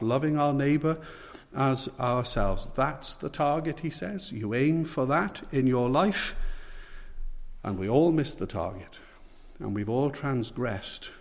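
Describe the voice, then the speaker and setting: A man preaching a sermon, earnest and emphatic, slowing down on the words he wants to stress. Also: medium pitch. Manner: earnest, emphatic, slows for weight. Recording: long hall reverb.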